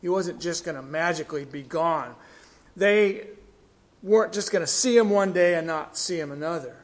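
A man's voice: fairly high pitch, moderate pace. A middle-aged man preaching a sermon, reading scripture and explaining it with earnest emphasis. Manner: earnest, rising emphasis then quiet falls.

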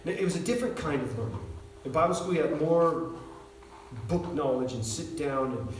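High-voiced American preacher in an echoey hall. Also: male voice, normal speed, recorded from a distance, a little hiss or hum. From United States. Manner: animated storyteller, shouts when acting out quotes. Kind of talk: sermon with personal story.

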